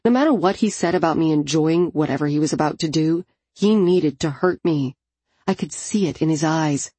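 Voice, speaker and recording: A woman narrating a first-person audiobook in an intimate, low-key delivery. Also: normal speed, mellow, slightly rough, no echo.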